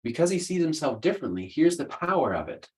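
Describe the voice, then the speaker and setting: A man's voice: a little high, very animated, quick pace, a little mellow, low-quality recording. A man hosting a solo podcast, explaining ideas in an earnest, conversational way. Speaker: podcast host, coach.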